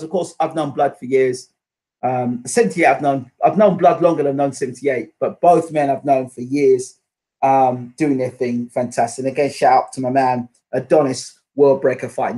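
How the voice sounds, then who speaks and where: A man hosting a boxing channel, giving his casual, opinionated reaction commentary with lots of fillers and restarts. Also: high-pitched.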